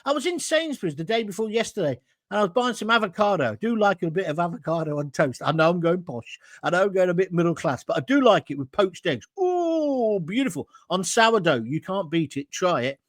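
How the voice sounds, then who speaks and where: A blunt, combative middle-aged man hosting a talk show, his pitch swinging widely as he mocks and argues. The sound is dry and close, with no room echo. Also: very animated, brisk. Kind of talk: opinionated commentary reading viewer comments.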